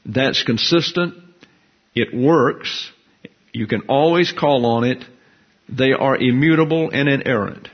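A man delivers a Bible teaching sermon in a steady, emphatic way. His voice is a little husky and sits at an ordinary pitch. The recording sounds dull and lo-fi. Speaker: pastor.

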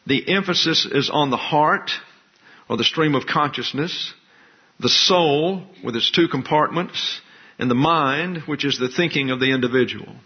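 A man teaching a sermon-style Bible lesson, measured and methodical, repeating key phrases for emphasis. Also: on the high side, highs cut off. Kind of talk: expository sermon.

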